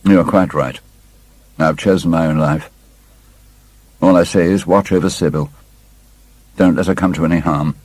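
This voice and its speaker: A man's voice: low-pitched, steady tone, moderate pace, pauses often, a little mellow. A man voicing a sulky, harsh young sailor lad in an audiobook, curt and gloomy. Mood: stern. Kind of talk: audiobook character reading.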